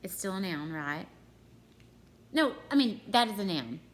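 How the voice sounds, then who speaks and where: A woman's voice: mid-range voice, very animated, measured pace. A woman in her thirties teaching a grammar lesson to her students at home, in a chatty way that talks straight to them.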